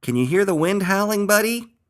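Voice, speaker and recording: A man's voice: fairly low pitch, very animated, normal speed, pitched above the performer's own voice. A man voicing a playful male hedgehog who pretends to be a pirate captain, talking in a bold, theatrical way. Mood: dramatic. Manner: bold, theatrical, bellowing orders.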